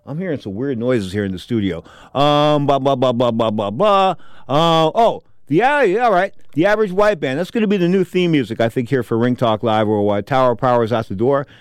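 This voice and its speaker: A man's voice: medium pitch, brisk, hardly any pauses, clean tone, no room sound. A middle-aged man hosting a boxing talk show from a studio, blunt and sarcastic as he rants in opinionated sports talk.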